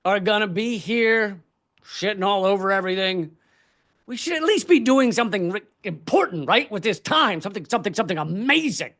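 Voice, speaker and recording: A high-pitched man ranting through a stand-up comedy bit, profane and animated. He swings from fast asides to bursts of shouting. His delivery is full of swearing and exasperation. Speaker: comedian streamer.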